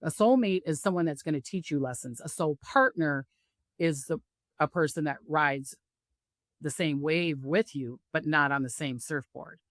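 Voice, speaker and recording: Animated middle-aged woman telling stories. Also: sits low, moderate pace, dry recording, studio quality. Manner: animated storyteller acting out quoted voices. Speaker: psychic medium guest. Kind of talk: casual spiritual interview talk.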